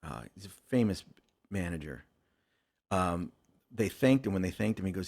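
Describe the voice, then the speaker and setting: A man's voice: sits low, moderate pace. A man in his forties talking with a friend in casual chat, rambling and correcting himself as he goes. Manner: rambling, self-correcting, animated.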